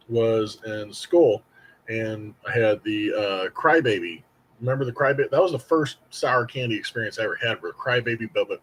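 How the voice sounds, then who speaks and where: A slightly rough, low-leaning male voice tells a lengthy, meandering childhood tale to camera over poor audio. The speaker, a candy review host from Indiana in his late thirties, is animated and performs the voices of those he quotes.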